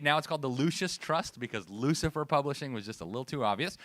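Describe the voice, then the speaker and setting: A man giving a lively, sarcastic lecture to a live audience. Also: mid-range voice, fast talker, few pauses, dry recording. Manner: sarcastic, animated, laughs at own asides. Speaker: speaker at education event.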